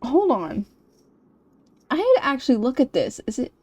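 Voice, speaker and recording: A woman streaming a game, excitable and casual, swearing freely and laughing often. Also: high-pitched, normal speed, slightly rough.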